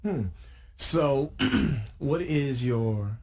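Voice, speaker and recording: A man's voice: medium pitch, animated, very slow, a little mellow. A man from the area hosting a talk show, joking and teasing his guests in casual chat. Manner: joking, teasing, laughs often.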